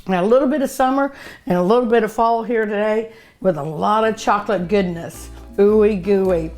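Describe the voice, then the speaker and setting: Unhurried middle-aged woman, cooking show host, tasting and humming. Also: a little high, a little mellow. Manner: savoring food aloud with many hums.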